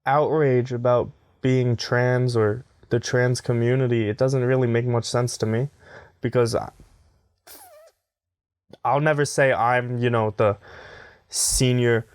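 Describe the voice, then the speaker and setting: A young man in his twenties talks loosely on a podcast, wandering through his points with self-mocking jokes. His voice sits at an ordinary middle pitch, and the close mic keeps the sound dry with no room echo. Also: fairly even intonation, slow pace, pauses often, clean tone. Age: 20s. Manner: rambling, jokey, self-deprecating. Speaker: podcast co-host. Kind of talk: casual chat.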